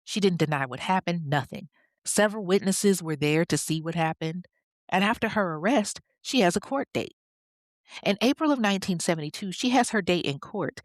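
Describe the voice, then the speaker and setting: A podcast host telling a true-crime story in a chatty, conversational way, full of asides to the listener. The voice sits in a middle pitch. It is recorded close and dry, with no room echo. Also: animated, normal speed.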